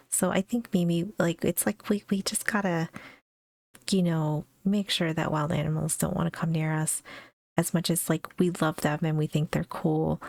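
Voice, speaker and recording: A woman's voice: fairly low pitch, vocal fry, no echo. Chatty young woman reacting, dry sound. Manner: chatty, many fillers, frequent laughs and gasps. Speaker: reaction streamer. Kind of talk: casual reaction commentary.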